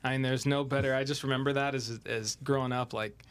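A man hosting a casual podcast chat, easygoing and quick to react. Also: mid-range voice, fairly even intonation, clean tone. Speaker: host.

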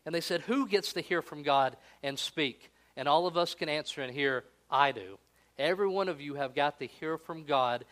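A male pastor preaching a sermon in an earnest manner, slowing down for solemn readings. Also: a little high, a bit bright.

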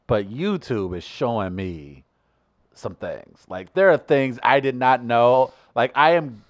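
A man's voice: medium pitch, slow pace, no room sound. A man talking loosely on a studio podcast, tripping over restarts and breaking into laughter as he goes. His voice sits mid-range, and the room sounds dead and close to the mic. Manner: rambling, animated, laughs often. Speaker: podcast co-host. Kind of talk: casual chat.

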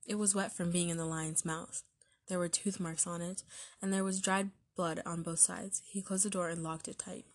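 A woman narrating a story aloud in a steady, measured way. Her voice is on the low side and sounds dry and close to the mic, with no room around it. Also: dry recording.

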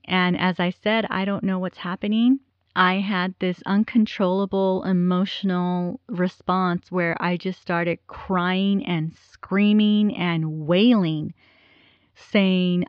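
A woman's voice: lowish voice, steady tone, slow pace, clear, resonant tone, no room sound, highs cut off. A woman in her forties telling a personal story in a candid, rambling way, with many fillers. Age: 40s.

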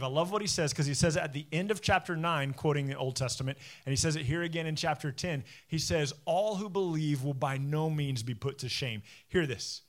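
Male pastor, young adult, higher-pitched voice, candid and self-deprecating sermon delivery. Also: brisk, few pauses. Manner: candid and self-deprecating, animated when quoting.

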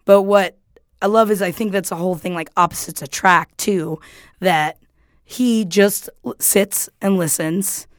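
A woman co-hosting a podcast in casual chat, blunt and animated, swearing freely as she retells arguments. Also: mid-range voice, measured pace, dry recording, studio quality. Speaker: podcast co-host.

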